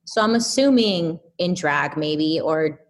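Chatty, animated low-voiced woman. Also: slow pace. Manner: animated, chatty, filler-heavy. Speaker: podcast guest. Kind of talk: casual storytelling.

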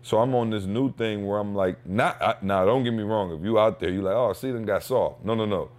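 A man hosting a podcast, telling a casual, slangy story with lively energy and acting out what people said. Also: on the low side, fairly quick. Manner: animated storyteller, slangy, acts out quotes. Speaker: podcast host; father.

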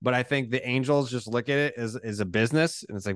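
A man's voice: medium pitch, quick pace, no room sound, clean studio sound. A man who is a guest on a casual podcast, talking bluntly and with strong opinions, swearing along the way. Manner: blunt, opinionated, swears, brash online jokester.

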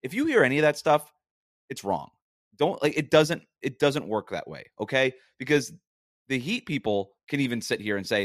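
A man hosts a sports podcast in a casual, argumentative monologue. He talks at an ordinary middle pitch and presses each point with rhetorical questions. His voice sounds dry and close to the mic, with no room around it. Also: sing-song, normal speed, no echo. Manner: emphatic and argumentative, with frequent rhetorical "right?".

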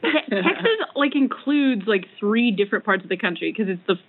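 A woman's voice: medium pitch, expressive, brisk, husky. A woman co-hosting a podcast, wry and joking in casual chat. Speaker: podcast co-host. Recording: tinny phone line.

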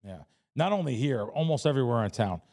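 A fast-talking man of medium pitch, a professional sports bettor from the Bronx in New York, tells stories bluntly in a casual interview. His storytelling is animated and direct.

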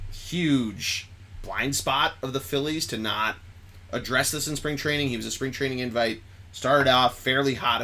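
A man hosting a podcast, chatting casually and excitably about sports, rambling and correcting himself as he goes. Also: mid-range voice. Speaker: podcast host.

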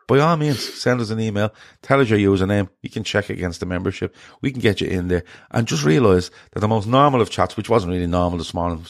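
A man with a fairly low voice holds forth as a podcast co-host, spinning a chatty story. He swears freely and keeps checking in with his partner in an animated, casual way. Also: gravelly. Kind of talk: casual chat.

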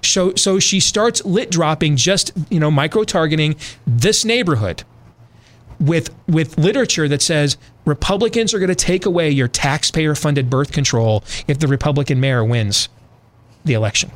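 A man's voice: on the high side, normal speed. Emphatic male talk radio host. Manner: emphatic, addresses listeners directly. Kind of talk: opinionated commentary.

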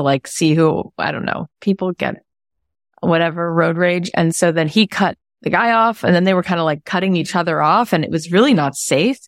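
A woman hosting an interview show, chatting casually and reacting with excitement. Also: on the low side, no room sound, clean studio sound. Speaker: host. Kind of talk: casual chat.

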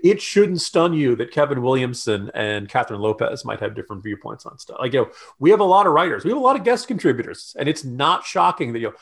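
A man co-hosting a political podcast, talking loosely and mockingly, jumping up in pitch to mimic the views he scoffs at. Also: very animated, quick pace, vocal fry, few pauses. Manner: sarcastic, mocking quotes in a raised voice; loose and conversational with restarts. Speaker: podcast co-host.

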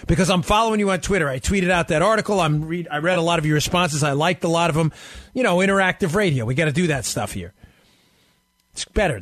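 In a dry recording, a high-pitched man runs a political talk radio show, speaking directly to listeners. He argues with animation and keeps hurling rhetorical questions at them.

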